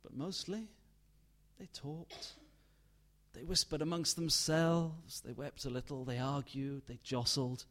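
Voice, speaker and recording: Slow, deliberate male storyteller. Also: on the high side, fairly even intonation, fairly bright tone. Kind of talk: dramatic story narration.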